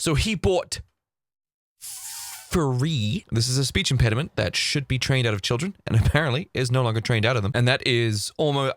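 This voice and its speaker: A man's voice: mid-range voice, no room sound, clean studio sound. A man ranting sarcastically as the host of a reaction video. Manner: sarcastic, animated, mocking. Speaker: YouTube host reacting to clips.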